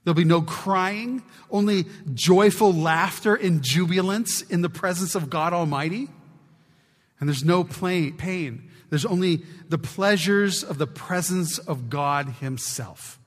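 A man preaching a sermon as pastor, exhorting his church and swinging from loud to hushed. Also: high-pitched, measured pace. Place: church sanctuary. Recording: long church reverb.

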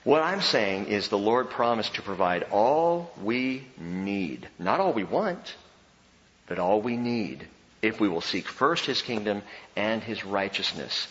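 A man preaching a sermon as pastor, animated and emphatic with humorous asides. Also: on the low side, takes it slowly. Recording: dull sound with long hall reverb.

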